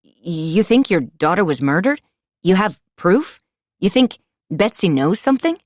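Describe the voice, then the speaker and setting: Audiobook: woman reading a friendly, curious male driver, casual and warm-hearted. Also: on the low side, very animated, unhurried, dry recording, clean studio sound.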